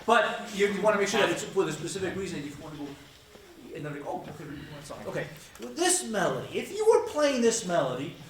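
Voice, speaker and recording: A man with a high voice coaches a student conductor, gently questioning him and singing melody lines in nonsense syllables. He is heard from a distance in a reverberant rehearsal room. Band noise runs clearly underneath. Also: very animated, fast talker. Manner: gentle, encouraging, asks many questions. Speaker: conducting clinician.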